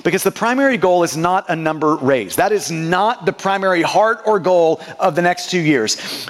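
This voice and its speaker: A man's voice: fairly high pitch, fairly bright tone, in a large hall, slight background noise. A man preaching a sermon as pastor, emphatic and stumbling over repeated word starts.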